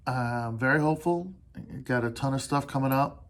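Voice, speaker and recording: Earnest halting man on a solo podcast. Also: mid-range voice. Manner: earnest and halting, with restarts and trailing pauses; heartfelt, swears casually. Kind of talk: candid solo podcast monologue.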